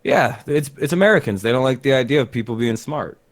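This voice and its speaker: A man's voice: mid-range voice, lively intonation, fairly quick, no echo. Man, podcast co-host, rambling, opinionated, many restarts, dry close sound. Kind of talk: casual banter.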